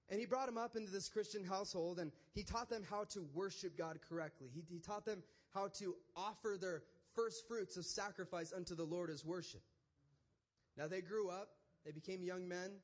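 A young man preaching a sermon in a casual, conversational way, retelling a story with animated asides and frequent "like" and "right?". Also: high voice.

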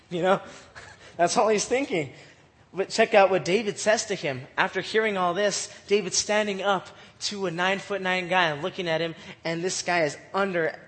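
A man's voice: high-pitched, fairly even intonation, moderate pace, a bit bright, in a large hall. A man leading a casual Bible study, reading verses aloud and retelling them in chatty slang with frequent laughs.

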